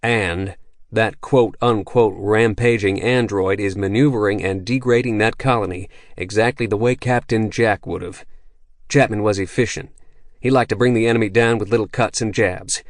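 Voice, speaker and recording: A man voicing a crude, boisterous veteran soldier who swears constantly and talks loudly with swagger. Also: on the low side, steady tone, moderate pace, no room sound, clean studio sound, natural voice. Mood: brash. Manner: profane, swaggering, loud.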